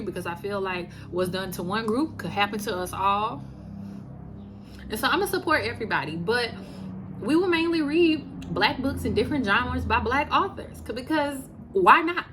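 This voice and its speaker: A woman's voice: mid-range voice, slight background noise. Chatty woman book vlogger from Louisiana. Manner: chatty and animated, addresses viewers as y'all. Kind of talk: casual book review chat.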